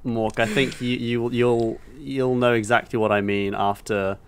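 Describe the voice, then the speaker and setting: A man's voice: mid-range voice, little pitch movement, a little slow, a little hiss or hum. A young man co-hosting a podcast in casual chat, laughing through his story as he tells it. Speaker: podcast co-host.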